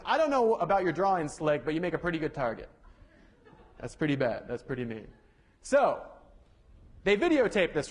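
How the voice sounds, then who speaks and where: A young man from the Southern United States giving a casual university lecture, chatty and correcting himself with joking asides. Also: high-pitched. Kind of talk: classroom lecture. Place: lecture hall.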